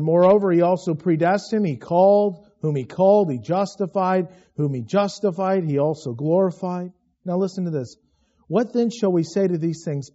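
Emphatic high-voiced male preacher. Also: lo-fi sound. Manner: emphatic, rising to loud bursts. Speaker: pastor. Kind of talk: sermon.

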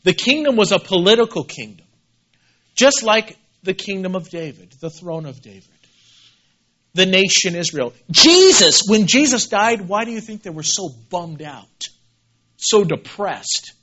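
A man preaching a sermon as pastor, animated, swinging between loud emphasis and quiet asides and repeating key words. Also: sits high, unhurried, highs cut off.

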